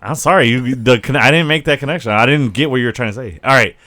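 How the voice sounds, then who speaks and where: A man co-hosting a casual podcast, sitting in the middle range of pitch. He talks in a profane, animated way and acts out the scenes he retells in little quoted voices. The sound is dry and close to the mic. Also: quick pace, no room sound. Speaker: podcast co-host. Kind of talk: casual chat.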